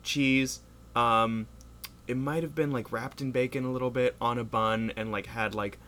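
An American man chatting casually on a podcast, filling his stories with "like" and quick asides. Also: mid-range voice, steady tone, pushed and bright, a little hiss or hum. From United States. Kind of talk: casual chat.

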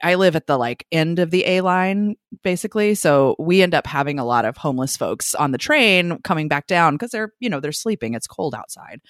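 A woman's voice: low voice, dry recording, studio quality. A woman co-hosting a podcast, telling a story with candid, frank, laughing talk in casual chat. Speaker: podcast co-host.

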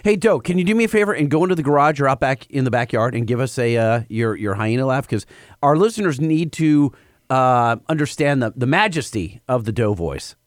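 A man's voice: mid-range voice, fairly quick, no room sound, clean studio sound. A man co-hosting a podcast in casual chat, teasing a guest. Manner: teasing, animated. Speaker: podcast co-host.

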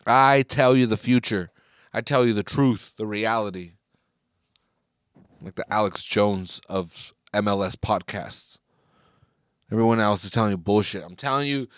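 A young man talks alone into a podcast microphone at a middle pitch, cursing freely and restarting his sentences as he rambles. He grows loud and heated as he rants. The sound is close and completely dry. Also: no room sound. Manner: profane, rambling, with many restarts. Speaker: podcast host. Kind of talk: casual solo podcast rant.

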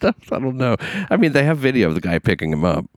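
A man's voice: mid-range voice, very animated, fast, dry recording, clean studio sound. A man hosting a casual comedic news chat, riffing with sardonic, profane asides. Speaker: podcast host reading news.

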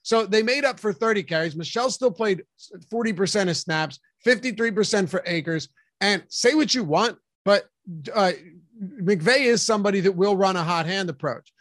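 Man, high voice, dry close sound, emphatic fantasy football co-host. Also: moderate pace, fairly bright tone, no echo. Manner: emphatic, argumentative. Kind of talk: fantasy football analysis chat.

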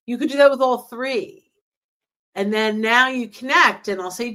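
A woman's voice: a little high, normal speed, sharp tone. A woman, a sales trainer, chatting casually on a podcast, eagerly explaining her method and acting out sample conversations. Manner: enthusiastic, acts out example dialogue. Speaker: LinkedIn sales trainer, guest.

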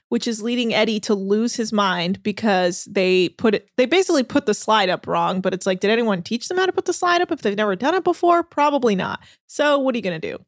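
A woman's voice: fairly high pitch, dry recording, studio quality. A woman hosting a podcast, recapping a TV show in casual chat and telling it with animation and laughter. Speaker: podcast host.

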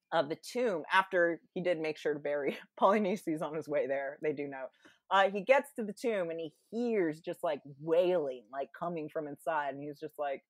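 Her voice is low, recorded in studio quality without echo. She's a chatty podcast guest recounting a story with plenty of fillers, slipping into playful voices for the quoted lines.

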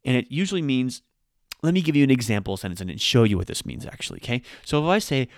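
An upbeat, chatty man hosts a casual grammar lesson, taking the example sentences slowly and carefully. His voice sits at a middle pitch and is recorded close and dry, with no room sound. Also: sing-song, no room sound. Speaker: podcast host and Japanese teacher.

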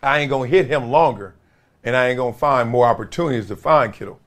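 A former football player hosting a sports talk show, talking animatedly, laughing and acting out quotes. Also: male voice, mid-range voice, fast. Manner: lively, laughing, acts out quotes.

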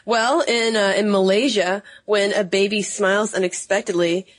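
Woman, podcast co-host, mid-pitched, dry close recording, wry questioning delivery. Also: steady tone, moderate pace, no room sound. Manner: wry, questioning, laughs often. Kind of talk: casual chat.

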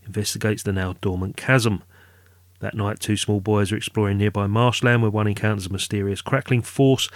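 A man's voice: fairly low pitch, no echo. A man from Britain co-hosting a casual film discussion. He reads out release details, cast and plot, then turns to his co-hosts with questions. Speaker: podcast co-host.

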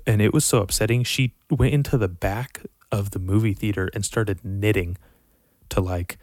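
A young man with a low voice rants about his picks in loose, profane bursts, sighing between thoughts. The sound is dry and close, with no room around it. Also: normal speed, no echo. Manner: profane, animated, rambling with frequent sighs. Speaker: vlogger reviewing horror movies. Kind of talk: casual rant to camera.

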